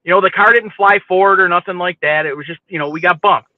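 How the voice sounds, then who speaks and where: Profane, animated man telling a story. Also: high-pitched, fast talker, no echo. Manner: profane, animated, keeps asking "you know what I mean". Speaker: podcast host telling a story. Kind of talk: casual storytelling chat. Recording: dry, phone-like lo-fi sound.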